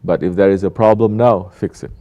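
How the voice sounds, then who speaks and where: A man's voice: deep voice, fairly even intonation, a little fast, dull audio. A man teaching a spiritual talk as a Sufi teacher, emphatic and full of rhetorical questions. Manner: rhetorical questions, emphatic, mocking quoted apologies. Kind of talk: sermon.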